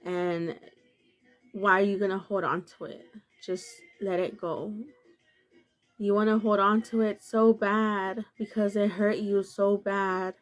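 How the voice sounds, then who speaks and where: A woman vlogger talks slowly and unhurriedly, sharing a personal story to her viewers. She sounds earnest and confessional, speaking in a loose, casual way full of filler words. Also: mid-range voice, fairly even intonation, faint music behind.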